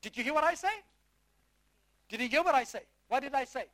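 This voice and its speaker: High-pitched, bright, slow emphatic preacher. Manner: repeats phrases, quizzes the audience with questions; emphatic, stretching key words slowly. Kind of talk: sermon with Bible reading.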